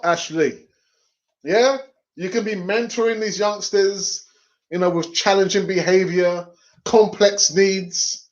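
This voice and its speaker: Laughing often, this fan channel host from North London chats through a live stream in a lively-pitched voice. The audio is lo-fi, and he slips in quick impressions as he talks.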